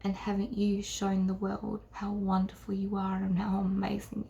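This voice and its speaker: A middle-aged woman giving an intuitive tarot reading to camera, earnest and halting, often sinking into a whisper. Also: medium pitch, completely flat delivery, vocal fry, warm tone, slight background noise. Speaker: tarot reader.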